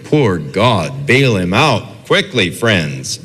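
A low-pitched man delivering a sermon from the pulpit, preaching in an easy, conversational way. He slips into the voices of the people he quotes. His voice rings out with a long reverb in a large church hall. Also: big pitch swings, extremely slow, fairly bright tone, a little hiss or hum. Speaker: pastor.

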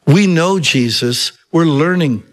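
A male pastor preaching in an animated way, with a voice sitting a bit higher than most men's. He retells scripture dramatically, slipping into little character voices and leaning hard on key words. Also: takes it slowly. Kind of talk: sermon.

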